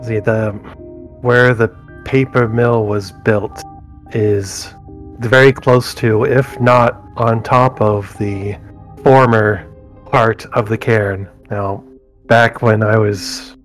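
A man playing his character in a tabletop game, speaking quietly and measured. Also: fairly low pitch, steady tone, soft background music. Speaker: player. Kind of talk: tabletop role-play.

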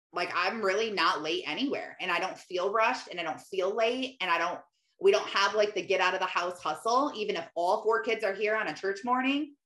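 A woman hosting a casual mindset podcast, telling stories in a chatty, animated way full of filler words. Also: mid-range voice. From Michigan, United States. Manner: chatty, lots of "like", animated storytelling. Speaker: podcast host. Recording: roomy echo with faint music.

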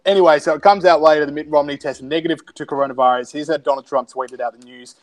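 Man, slightly high voice, sardonic, casual podcast chat at home. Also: fairly even intonation, fast. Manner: wry, sardonic, reading out tweets. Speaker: podcast co-host. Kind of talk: casual political banter. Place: home, self-isolating.

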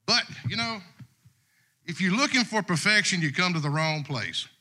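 A man's voice: high voice, lively intonation, moderate pace, sharp tone. A middle-aged man, preaching a casual, folksy sermon to a church congregation. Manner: folksy and conversational, Southern US dialect. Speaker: guest preacher. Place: church sanctuary.

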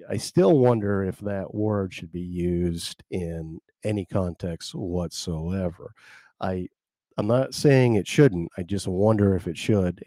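Talking alone on his show, a middle-aged podcast host from rural Maine drifts through a self-reflective ramble full of pauses and fresh starts. He has a warm, relaxed, low and mellow voice, recorded close and dry without any echo.

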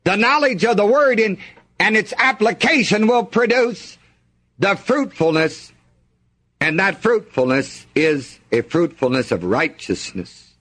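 A man's voice: high voice, animated, unhurried, fairly bright tone. A man preaching a sermon, reading scripture aloud and asking the congregation to fill in the missing words.

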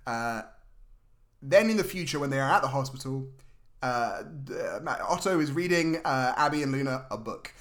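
A man, retelling a film plot in a jokey, sweary, animated way as a podcast co-host. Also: medium pitch, normal speed. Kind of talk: casual film recap chat.

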